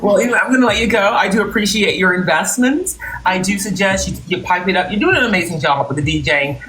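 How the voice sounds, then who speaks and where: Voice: medium pitch, fast, fairly bright tone, slight background noise, poor audio. A host on a live stream, boastful, thanking viewers for gifts by name. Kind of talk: casual live stream chat.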